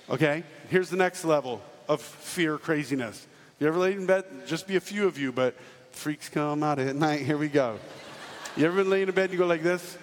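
High-voiced animated man preaching in a hall. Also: a little fast. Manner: animated, acts out voices and jokes. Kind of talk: comedic sermon storytelling. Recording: hall reverb, faint noise.

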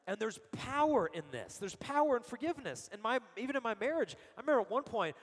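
Man, sermon, high-pitched, storytelling, acts out quotes, long hall reverb. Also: sing-song, quick pace. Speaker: speaker giving a Catholic talk. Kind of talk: sermon with personal stories.

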